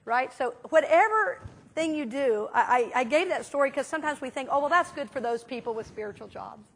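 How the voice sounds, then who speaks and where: A woman minister preaches in a loose, chatty way, full of little fillers as she tells her stories. Her voice sits high and bright, and she talks to the room as if chatting with friends. It is a casual, animated sermon. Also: a little fast. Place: church sanctuary.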